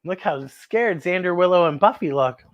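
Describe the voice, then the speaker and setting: A woman hosting a children's story time, reading a picture book aloud in an animated, expressive way and exclaiming over the pictures. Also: lowish voice, normal speed, highs cut off.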